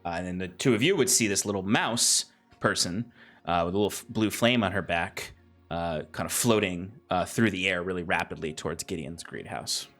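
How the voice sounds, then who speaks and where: Low-voiced man narrating a tabletop game. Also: moderate pace, fairly bright tone, soft background music. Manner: rambling, laughing, many fillers. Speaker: game master.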